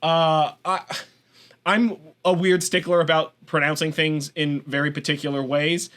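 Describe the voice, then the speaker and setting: A man's voice: a little high, flat delivery, measured pace, a bit bright. Rambling Californian man, casual and laughing. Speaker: podcast co-host. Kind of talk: casual chat.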